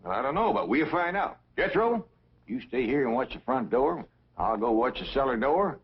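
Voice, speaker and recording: An actor playing a plain-spoken hillbilly family head, easygoing and folksy. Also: male voice, medium pitch, big pitch swings, normal speed, slight background noise. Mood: calm. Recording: dull old TV audio.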